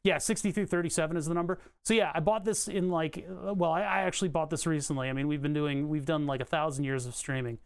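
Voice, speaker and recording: A man's voice: on the high side, steady tone, fast, hardly any pauses, clear, resonant tone, no room sound. A man live-streaming as he solders electronics, muttering to himself and answering questions from chat in a casual, rambling way.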